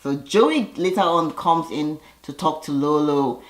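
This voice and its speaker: A woman's voice: deep voice, measured pace. A woman giving a casual video recap in a sassy way, acting out the quotes in put-on voices. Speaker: YouTuber recapping a reality show. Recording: echoey room.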